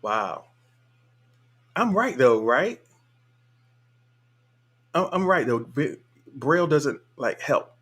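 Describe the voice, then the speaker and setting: A man's voice: mid-range voice, very animated, slow, pauses often, fairly bright tone, breathy edge. Laid-back man hosting a live stream. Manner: laid-back, chuckles often, colloquial. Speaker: livestream host. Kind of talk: casual live-stream chat reading comments.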